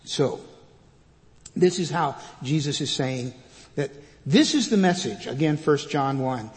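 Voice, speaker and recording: A man preaching a sermon as pastor, reading scripture loudly and dropping to quiet asides. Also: a little high, expressive, a little slow, long pauses, big-room sound.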